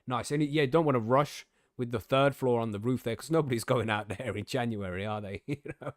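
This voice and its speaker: A man's voice: mid-range voice, a little fast, no echo, studio quality. A young man from the UK hosting a podcast, telling stories and reading news in a casual, laughing, swearing way. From United Kingdom. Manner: swearing, laughing, gobby storytelling. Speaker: podcast host.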